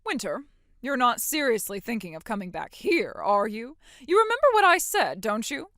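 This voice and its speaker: A woman's voice: a little high, sing-song, normal speed, over loud music. A woman playing a scornful, manipulative mother. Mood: cold. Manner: condescending, later gushing and pushy. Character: cold, scornful, manipulative middle-aged mother. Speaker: mother in a voiced story. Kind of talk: dramatic story voice acting.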